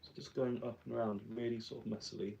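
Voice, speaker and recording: A man's voice: mid-range voice, little pitch movement, quick pace, gravelly, dark tone, dull audio, slight background noise. A young man chatting casually while doing his drag makeup, rambling with self-mocking asides. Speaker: drag performer and vlogger.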